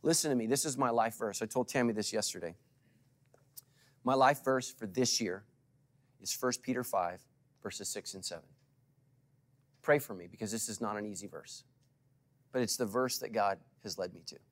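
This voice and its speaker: A middle-aged male pastor preaching to a congregation, swinging from loud calls to hushed asides and asking for responses. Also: fairly low pitch, normal speed, long pauses. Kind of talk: sermon.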